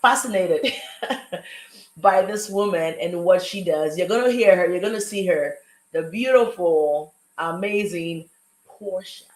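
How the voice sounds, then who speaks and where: A woman's voice: on the low side, unhurried, a little mellow, reverberant, poor audio. A woman with an African accent hosting a live talk show, greeting viewers and a guest with effusive energy. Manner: exuberant, effusive welcomes. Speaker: host. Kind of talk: upbeat live show chat.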